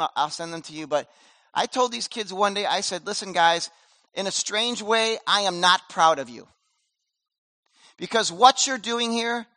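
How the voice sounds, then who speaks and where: High, bright-voiced man preaching. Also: dry recording. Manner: animated, conversational preaching with casual slang. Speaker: pastor. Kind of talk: sermon.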